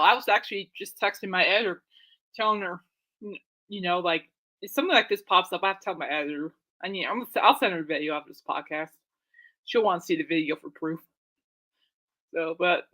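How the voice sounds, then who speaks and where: A woman's voice: lowish voice, expressive, fairly quick, pushed and bright, poor audio. A woman hosting her own podcast live, rambling casually with lots of fillers and exclamations. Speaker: podcast host. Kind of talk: casual live-stream chat.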